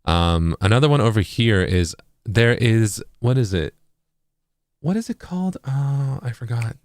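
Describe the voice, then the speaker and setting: A man with an East Coast accent giving a casual tutorial, relaxed and full of fillers, sounding words out as examples. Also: mid-range voice, unhurried, no room sound, studio quality. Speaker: music producer and streamer.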